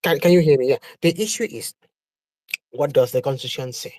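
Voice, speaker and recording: A man making a measured, slightly hesitant point in a live online discussion. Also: a little high, darkish tone, slight background noise. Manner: measured, hesitant, with fillers and questions. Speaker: participant in an online audio discussion.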